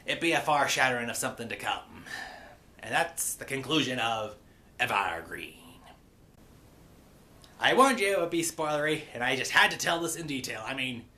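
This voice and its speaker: A man's voice: mid-range voice, a little fast, pushed and bright. A man giving a rambling, casual recap of a cartoon episode, with many fillers and the odd playful pirate growl.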